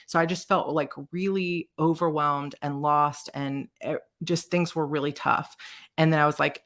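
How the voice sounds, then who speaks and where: A woman host in her thirties telling a personal story in a casual chat, emotional and close to tears, with halting restarts. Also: low voice, steady tone, fairly bright tone. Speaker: author and video host.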